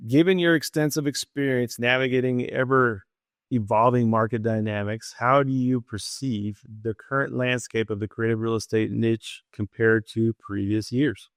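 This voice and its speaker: A man's voice: medium pitch, steady tone, moderate pace, clean tone, no room sound, studio quality. A man from Central California in casual chat, hesitant with many fillers, reading questions formally. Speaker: coaching community member.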